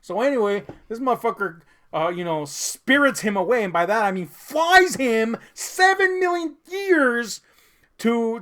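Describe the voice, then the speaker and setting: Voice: medium pitch, fairly bright tone. A co-host ranting sarcastically about a film in a comedic review chat, swearing often, laughing, and rambling with fillers.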